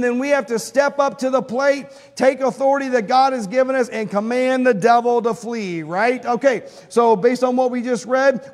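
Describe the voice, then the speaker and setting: High-voiced pastor in a reverberant hall. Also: male voice. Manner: conversational, quizzing the congregation. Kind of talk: teaching sermon. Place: church.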